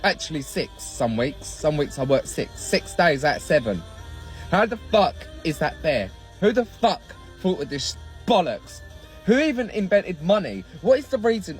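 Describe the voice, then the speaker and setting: A man's voice: on the high side, sing-song, moderate pace, soft background music. Swearing British man on an angry rant. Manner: swearing, exasperated, heavy slang.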